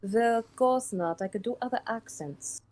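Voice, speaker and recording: Playful, um-filled voice actress guest. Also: female voice, a little high, moderate pace, a little mellow, poor audio. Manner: playful, hesitant with many ums. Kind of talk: casual livestream chat.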